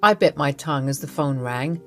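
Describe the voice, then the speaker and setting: A woman's voice: deep voice, expressive, moderate pace, faint music behind. A woman narrating a scripted first-person drama story with a wry, amused manner.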